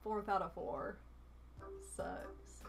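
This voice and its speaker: A young woman live-streaming a party card game, chatting casually and teasing her partner with animated exclamations. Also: mid-range voice, extremely slow, vocal fry, music in the background.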